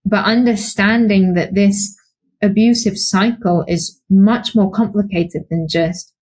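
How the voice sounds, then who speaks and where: A woman's voice: mid-range voice, slow pace. A young woman co-hosting a podcast, speaking conversationally and animatedly, often acting out the voices of people in her stories. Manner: animated storytelling, acts out quoted voices. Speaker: podcast co-host, psychologist.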